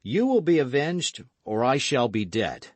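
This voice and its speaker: A man's voice: medium pitch, big pitch swings, a little slow, no room sound, voice pushed up. A man reading an audiobook voices a passionate, rash young swordsman who speaks in impassioned exclamations. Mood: ardent.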